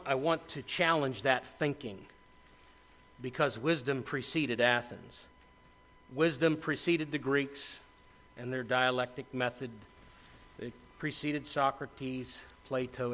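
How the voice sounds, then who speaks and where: Bright-voiced male pastor preaching. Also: fairly high pitch. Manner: animated preaching with repeated restarts. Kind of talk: sermon.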